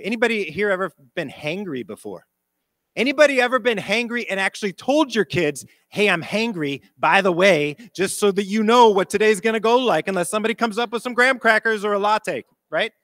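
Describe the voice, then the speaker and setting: A middle-aged man leads a workshop for educators, telling stories and throwing questions to the room. His voice sits a little high and lively, and it is recorded dry with little room sound. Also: no room sound. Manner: animated, acts out quotes, asks the audience questions. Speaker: conference presenter, former principal. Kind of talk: storytelling workshop talk to educators. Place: conference breakout room.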